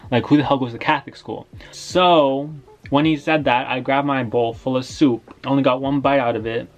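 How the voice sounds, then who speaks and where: A man's voice: medium pitch, steady tone, moderate pace. A young man telling a story time in a casual, slangy, rambling way, filling his talk with "like".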